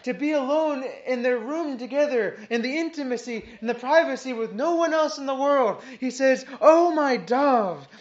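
Woman bible teacher, kinda high voice, reads verses and repeats them earnest-like, dull lo-fi sound. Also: moderate pace, few pauses. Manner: earnest, reads scripture aloud with emphatic repetition. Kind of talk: Bible teaching to a small group. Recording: dull lo-fi recording.

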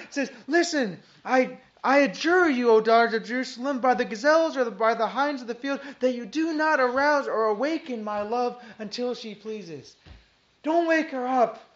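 An earnest woman leads a Bible teaching for a small group, reading passages aloud and stressing them through repetition. Her voice sits a little high. The recording is dull and lo-fi. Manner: earnest, reads scripture aloud with emphatic repetition.

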